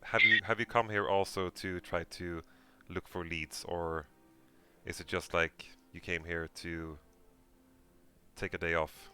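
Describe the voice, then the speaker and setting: A man narrating a tabletop game as game master, in a casual, halting way with many fillers. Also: low-pitched, little pitch movement, bright, forceful tone, faint music behind.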